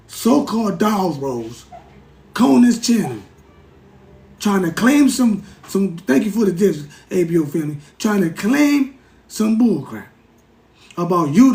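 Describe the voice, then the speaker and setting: A man hosting a livestream, lecturing in a casual, animated way, repeating himself and talking straight to his chat. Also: sits high, creaky, echoey room. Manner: animated, repetitive, keeps addressing the chat. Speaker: livestream host.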